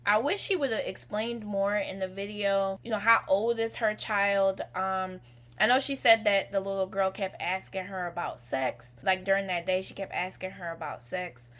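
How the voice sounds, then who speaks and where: Woman, mid pitch, calm, measured commentary, reaction host, occasional pauses. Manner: measured, thoughtful, some "um" fillers.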